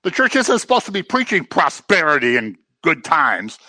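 A man preaching a sermon in a conversational way, with joking asides and animated delivery. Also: fairly high pitch, normal speed, dry recording.

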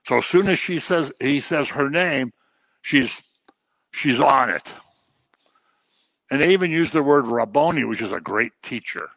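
A man's voice: mid-range voice, expressive, a little slow, pauses often, fairly bright tone, no echo. A man teaching the Bible in a conversational way, telling the stories and acting out the people he quotes. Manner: informal, with fillers and restarts. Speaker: preacher.

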